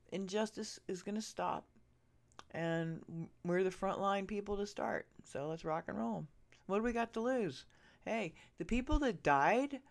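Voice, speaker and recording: A woman hosting a podcast, ranting straight at her listeners, swearing freely and swinging from loud outbursts to hushed asides. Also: mid-range voice. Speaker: podcast host. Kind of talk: ranting opinion monologue. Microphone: earbud listeners, close mic.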